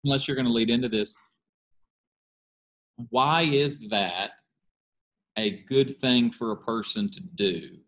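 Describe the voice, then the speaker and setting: A man's voice: medium pitch, takes it slowly, long pauses, fairly bright tone. A man moderating a panel, asking probing questions.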